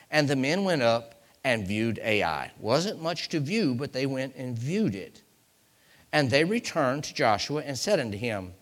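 A man preaching a sermon, reading scripture aloud and building up to shouted lines. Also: mid-range voice.

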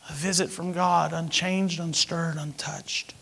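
Husky high-voiced man preaching. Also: measured pace. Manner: storytelling, animated, with sudden loud outbursts. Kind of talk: sermon with personal story.

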